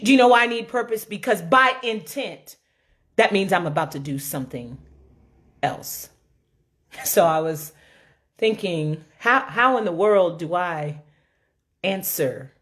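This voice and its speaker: A woman giving an informal sermon with dramatic swings from shouts to low, quiet lines and humorous asides. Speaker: preacher.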